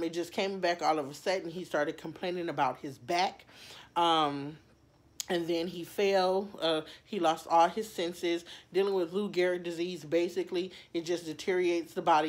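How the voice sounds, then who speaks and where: A woman vlogger talking personally to her viewers in an earnest, heartfelt way, halting often with fillers and restarts. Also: deep voice. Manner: heartfelt, speaks straight to viewers. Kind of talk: personal talk to camera.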